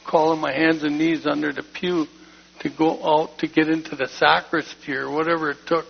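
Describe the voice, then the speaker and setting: A man's voice: fairly high pitch, level tone, normal speed. A man giving an emotional personal testimony in church, plain-spoken and heartfelt. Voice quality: gravelly, husky voice. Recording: dull lo-fi recording.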